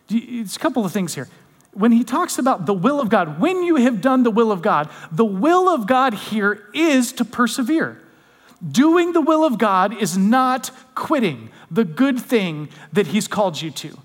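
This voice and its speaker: A man preaching a conversational sermon, often dropping to soft, intimate tones. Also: sits high, animated, unhurried, big-room sound. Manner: conversational, drops to soft intimate tones when quoting comfort. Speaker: pastor.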